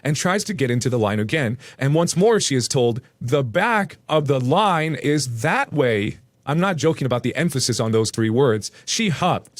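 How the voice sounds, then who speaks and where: A man narrating a story in a lively, expressive way. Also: a little high, no room sound. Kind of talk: reading a story aloud.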